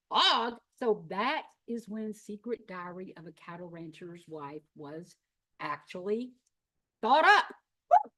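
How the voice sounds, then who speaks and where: A middle-aged woman, telling her story in an animated, folksy, emphatic way. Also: medium pitch. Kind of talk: storytelling talk.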